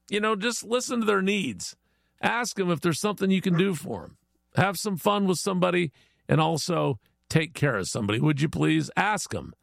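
A man's voice: fairly high pitch, vocal fry, fairly bright tone, no echo, studio quality. A man hosting a casual morning show, folksy and chatty, plugging local spots and telling a joke of the day. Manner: folksy, chatty, laughs easily. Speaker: radio show host.

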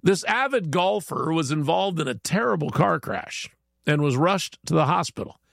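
A man's voice: a little high, expressive, normal speed, creaky, fairly bright tone, no room sound. A male radio morning show host in casual chat, upbeat, chatty and friendly, in a studio.

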